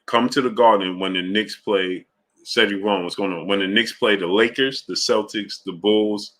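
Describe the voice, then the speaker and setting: A New York man hosts a casual livestream, running through viewer names with slangy greetings. His voice sits low. It has a bright, forceful edge. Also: fairly even intonation, moderate pace. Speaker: livestream host.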